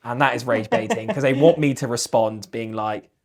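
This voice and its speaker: A young man in his twenties talks as a podcast guest, loose and jokey. He chats casually, swears freely and keeps things animated. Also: medium pitch, moderate pace. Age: 20s. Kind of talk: casual chat.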